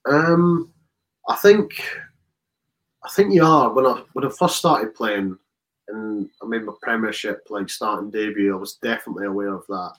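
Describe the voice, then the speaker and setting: A rugby player in his twenties answering interview questions in a relaxed, rambling way, full of restarts and fillers. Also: lowish voice, moderate pace, low-quality recording. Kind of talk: casual interview chat.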